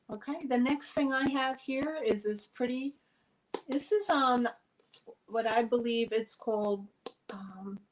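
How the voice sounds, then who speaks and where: A woman from New York with a New York accent, running a chatty live sale of vintage items into her phone, filling pauses with ums. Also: medium pitch, low-quality recording. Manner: chatty, friendly, many fillers. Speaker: online vintage seller.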